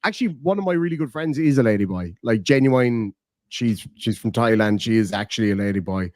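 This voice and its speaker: A man's voice: lowish voice, lively intonation, a little fast, a little mellow, dry recording, clean studio sound. Profane, laughing man streamer. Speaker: streamer host. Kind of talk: casual late-night stream chat.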